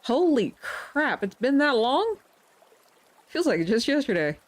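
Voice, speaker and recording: A woman livestreamer in casual chat with her viewers, playful and quick to laugh, with mock-indignant teasing. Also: high-pitched, sing-song.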